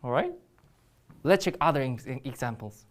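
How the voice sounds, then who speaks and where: Korean-accented woman explaining grammar, low voice but really lively ups and downs, lots of ums. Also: moderate pace. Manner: explains step by step with frequent ums and restarts. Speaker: Korean language teacher. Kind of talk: recorded grammar lesson.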